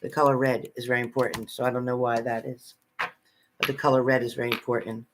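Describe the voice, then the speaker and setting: A man's voice: mid-range voice, level tone, fairly quick, background noise. A man giving live psychic readings to viewers from home in a chatty manner, repeating phrases and calling people by name. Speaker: psychic reader.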